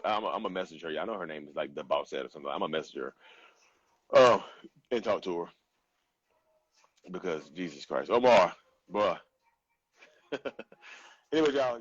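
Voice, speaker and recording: A young man chats bluntly with viewers on a home livestream, calling them y'all. His voice is low and husky. The stream audio is dull and lo-fi. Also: normal speed, pauses often, no room sound. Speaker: livestream host. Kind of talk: casual livestream chat.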